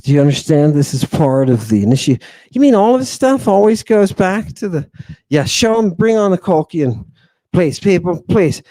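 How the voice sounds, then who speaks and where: A dark-toned man, recorded dry, hosts a podcast and delivers an animated lecture on ancient texts to a live audience. Emphatic throughout, he repeats rhetorical questions such as "right" and "do you understand," draws out his stresses, and alternates low murmurs with raised exclamations.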